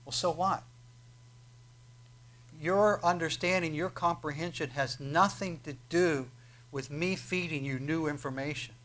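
A man's voice: on the high side, unhurried, fairly bright tone. A man preaching a sermon, explaining scripture with frequent "uh" fillers and emphatic, rising quotes. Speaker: pastor.

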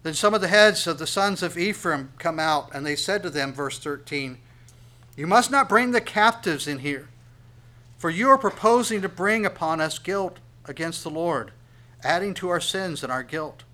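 A man preaching a sermon. He reads verses aloud slowly, then explains them in a plain conversational tone, swinging between loud emphatic reading and quiet asides. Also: on the high side, animated.

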